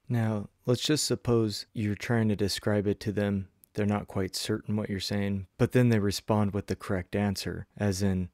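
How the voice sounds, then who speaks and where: Low-voiced man teaching a language lesson. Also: fairly even intonation, a little mellow, no room sound, studio quality. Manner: slow, careful modeling of phrases. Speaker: Mandarin teacher.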